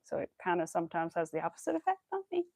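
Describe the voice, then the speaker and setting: Young woman chatting on a crochet stream, a bit gravelly, counting stitches under her breath, dry close sound. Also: lowish voice, big pitch swings, racing, a little mellow, no room sound. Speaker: crochet livestreamer. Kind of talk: casual chat while crocheting on stream. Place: home. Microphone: clip-on mic.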